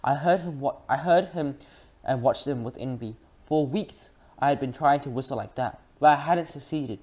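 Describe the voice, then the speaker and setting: A reader narrating a children's book aloud in a lively way, with frequent slips and restarts. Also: medium pitch, normal speed.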